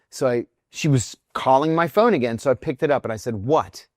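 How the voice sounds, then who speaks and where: A man's voice: medium pitch, expressive, fairly quick, hardly any pauses, darkish tone, dry recording, studio quality. A middle-aged man, a former intelligence officer, telling a personal story in a podcast interview, acting out the voices of the people in it.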